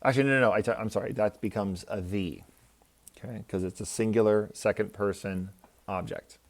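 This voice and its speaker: A man's voice: on the low side, steady tone, brisk. A man teaching a recorded lesson, explaining step by step with patient examples. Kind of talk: recorded classroom lecture.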